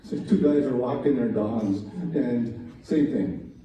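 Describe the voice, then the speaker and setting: At a college talent show, a man with a medium-pitched voice tells a string of jokes slowly in a folksy, stand-up style, giving the quoted lines small voice shifts. He's recorded from far off in a very echoey event hall, with a noisy background, faint room ambience, and audience laughter.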